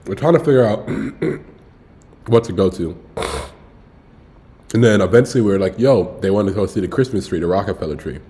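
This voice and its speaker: A man's voice: on the low side, animated, normal speed, pauses often, mellow. Young man telling a slangy story on stream. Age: young adult. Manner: loose slangy storytelling with frequent swearing. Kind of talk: casual storytelling livestream.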